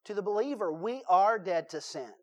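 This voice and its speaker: A man's voice: sits high, animated, normal speed. A man with a Southern US accent preaching a sermon, telling folksy stories and acting out the voices in them. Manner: folksy storytelling, acts out voices in his stories. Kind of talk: sermon with anecdotes.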